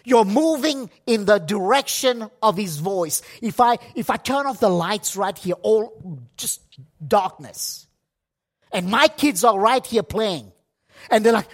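A man preaching a sermon, slow and emphatic, with pauses between phrases. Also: high voice, lively intonation, fairly bright tone. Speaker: pastor. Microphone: livestream setup.

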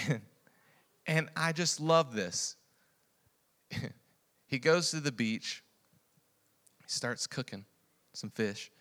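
A man delivers a sermon in a bright, forceful voice. He moves between hushed, reflective passages and loud, excited retellings, laughing often as he goes. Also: medium pitch, slow, pauses often. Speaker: preacher.

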